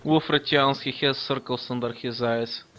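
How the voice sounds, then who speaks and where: A man's voice: medium pitch, steady tone, measured pace, fairly bright tone, lo-fi sound. A man playing a tabletop game, joking and laughing a lot. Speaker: player. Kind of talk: casual tabletop play.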